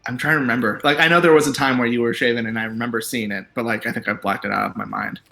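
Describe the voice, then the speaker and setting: A man joining a casual chat as a guest, making quick, joking remarks. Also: medium pitch, steady tone, creaky, bright, forceful tone.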